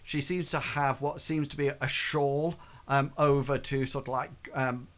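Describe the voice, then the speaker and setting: Slow, halting male game master. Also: mid-range voice, fairly even intonation, fairly bright tone. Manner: halting, filler-heavy narration. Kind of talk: narrating a tabletop game.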